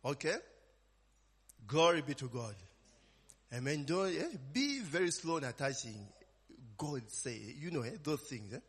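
Preacher with a husky voice in a reverberant hall. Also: male voice, a little high, big pitch swings, a little slow, pauses often, a bit bright. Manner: conversational, frequent "eh?" and "amen?" tags, call-and-response questions. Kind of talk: informal sermon. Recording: long reverb.

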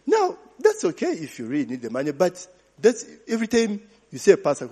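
A man's voice: high-pitched, wildly swooping pitch, a little fast, dark tone, breathy edge. A man preaching a sermon as pastor, throwing questions to the congregation and answering with hallelujah and glory be to God. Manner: call-and-response, repeating hallelujah and glory be to God. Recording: long hall reverb.

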